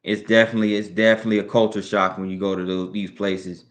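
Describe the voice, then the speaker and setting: Man, Southern US accent, stream host, low-ish pitch, laid-back, rambling chat. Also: monotone. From Southern United States. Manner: laid-back, rambling, drawn-out thinking aloud. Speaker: livestream host. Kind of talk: casual live-stream chat.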